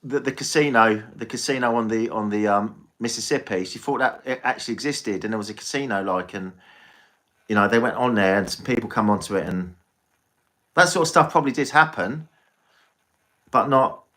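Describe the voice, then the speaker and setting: A man's voice: fairly low pitch, brisk, fairly bright tone. An English man chatting casually on a live stream as a tarot reader, rambling and swearing freely.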